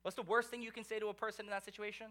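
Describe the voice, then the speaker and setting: A man preaching a sermon as pastor, animated and conversational, asking the congregation rhetorical questions. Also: high voice, very fast.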